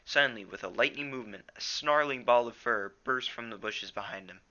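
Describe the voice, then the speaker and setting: A man's voice: medium pitch, fairly quick, bright, forceful tone, highs cut off. A teenage boy reading a novel aloud at home, plainly, with small stumbles. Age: teens. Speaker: reader.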